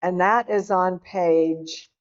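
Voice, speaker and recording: A middle-aged woman from Oklahoma talks an audience through a recipe in an easy, folksy way, checking in with them often. She speaks slowly and unhurried. The sound is dull and a bit lo-fi. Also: on the low side, fairly even intonation. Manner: chatty, folksy, addresses the audience directly. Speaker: cooking demonstrator at a health seminar. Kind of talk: casual cooking talk to an audience.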